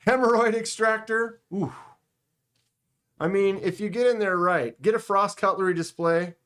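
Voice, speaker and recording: A man's voice: high-pitched, slow, long pauses, a bit bright. A man hosting a live stream, chatting casually with viewers in a joking, sarcastic way. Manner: joking, sarcastic, talks to chat. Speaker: livestream host. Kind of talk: casual livestream chat.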